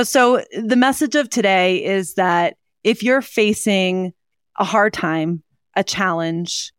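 A woman's voice: mid-range voice, clean tone, no echo, clean studio sound. Earnest woman co-hosting a podcast. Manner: warm, earnest, with frequent fillers. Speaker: podcast co-host. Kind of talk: casual chat on hope and mental health.

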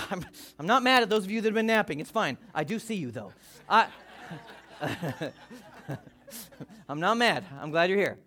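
A man with a high voice preaching to a church congregation. He delivers an impassioned sermon, rising to loud calls and then dropping to hushed, almost whispered lines. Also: big pitch swings, moderate pace, pauses often. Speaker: pastor. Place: church service before a congregation.

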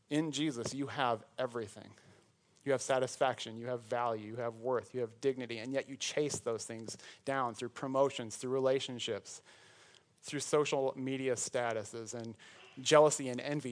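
Man preaching in a casual, joking tone. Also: mid-range voice. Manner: conversational preaching with joking asides. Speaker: pastor. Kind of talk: sermon.

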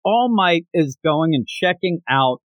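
A male podcast host who talks in a loose, rambling way, often doubling back mid-sentence. His voice sits a bit high and swings widely in pitch. The sound is dry and close. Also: expressive, measured pace, a bit bright, no echo. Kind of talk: casual podcast chat and recap.

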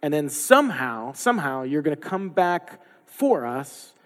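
A man's voice: on the high side, big pitch swings, a little slow. A man giving a sermon in a conversational way, slipping into the voices of the people he quotes with playful asides. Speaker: pastor. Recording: long hall reverb.

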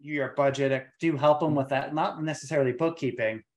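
A man's voice: medium pitch, fairly even intonation, normal speed, darkish tone. A man hosting an interview, asking loose, hedged questions and summing up what his guest does. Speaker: interview host. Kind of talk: casual interview talk.

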